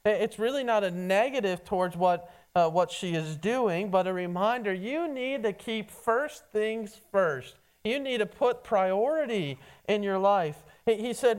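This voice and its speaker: This preacher talks to his congregation like a friend, literally addressing them as "friend," in a relaxed, conversational sermon. The middle-pitched voice is smooth and lively, moving at a measured pace with few pauses, yet it frequently stammers and repeats words as ideas form.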